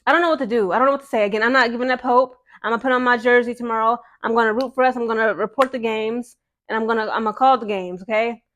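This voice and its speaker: High-voiced woman ranting fast about her team, keeps saying okay?. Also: steady tone, fairly bright tone. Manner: fired-up, repeats "okay?" and "again". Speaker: sports vlogger. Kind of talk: casual ranting vlog.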